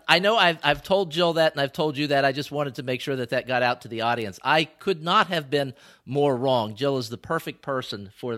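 A man hosting a podcast in casual conversation, emphatic and quick to laugh. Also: medium pitch, a bit bright. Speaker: podcast host.

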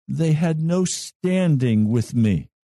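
Pastor, male, slightly high voice, measured sermon delivery with pauses. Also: lively intonation, dark tone, dry recording, clean studio sound. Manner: slow, measured preaching with long pauses.

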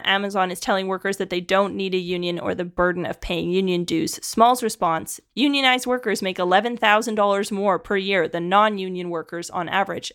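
A woman co-hosts a casual podcast, reading quotes aloud between chatty asides. Her voice sits at an ordinary middle pitch. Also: fairly bright tone. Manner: chatty, lots of "like". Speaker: podcast co-host.

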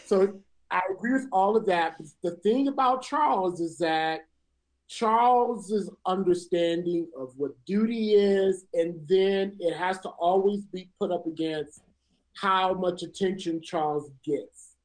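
Woman, lower pitch, measured, analytical, casual recap talk. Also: a little mellow, low-quality recording. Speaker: podcast co-host. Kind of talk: casual chat about a TV series.

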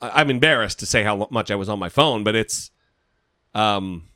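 A man's voice: fairly low pitch, normal speed, dry recording, studio quality. A man co-hosting a podcast in casual chat, swearing freely and joking about himself. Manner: profane, self-deprecating, animated. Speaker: podcast co-host.

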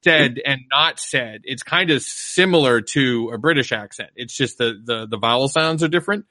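A man co-hosting a casual podcast chat, talking in an animated, loose way and explaining at length. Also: mid-range voice, moderate pace, no echo. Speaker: podcast co-host.

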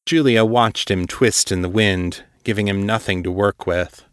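Guy reading a story out loud, lowish voice, steady and measured, dry sound. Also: smooth, no room sound. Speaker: story narrator. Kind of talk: audiobook-style fiction narration.

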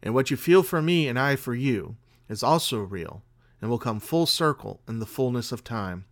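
A man reading the lines of a mysterious, calm woman fortune-teller who speaks cryptically and flatly. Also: mid-range voice, moderate pace, lightly acted. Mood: cryptic. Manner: cryptic, flat, final. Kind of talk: read-aloud story dialogue.

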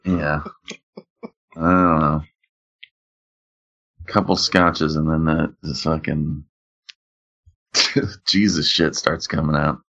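A man's voice: rumbling low, fairly even intonation, takes it slowly, pauses often, fairly bright tone, highs cut off. A man in casual chat, rambling through profane stories. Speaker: podcast co-host.

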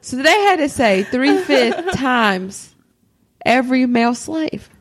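High, lively joking woman podcaster. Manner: quick joking interjections. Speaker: podcast co-host. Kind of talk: casual chat, joking asides.

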